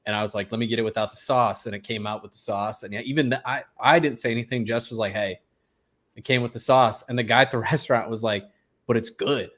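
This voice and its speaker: A man's voice: medium pitch, fast talker. A man co-hosting a podcast, talking candidly and casually with light laughs. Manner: relaxed, candid, laughs between thoughts. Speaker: podcast co-host. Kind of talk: casual chat.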